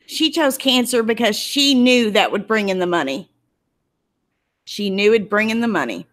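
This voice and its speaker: A woman's voice: mid-range voice, normal speed, a bit bright. A woman YouTuber giving an angry, emotional commentary, tearful and indignant as she talks. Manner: emotional, indignant, close to tears.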